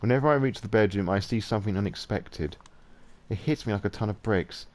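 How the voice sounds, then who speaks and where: A man's voice: fairly low pitch, a little fast. A male podcast host casually reading a visual novel aloud on a live stream, with profane, wry asides.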